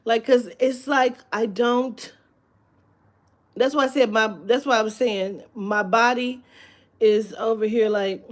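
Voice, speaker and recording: Slow-talking woman in a candid live chat. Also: fairly high pitch, fairly even intonation. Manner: rambling, candid, swears freely, many fillers. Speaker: live-stream host. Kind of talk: casual live-stream chat. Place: at home.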